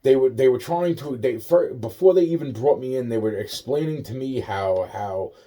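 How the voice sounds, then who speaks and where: A man's voice: mid-range voice, moderate pace, warm tone. A young man in a rambling, agitated rant, swearing constantly, repeating himself and trailing off into muttered asides. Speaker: monologue speaker.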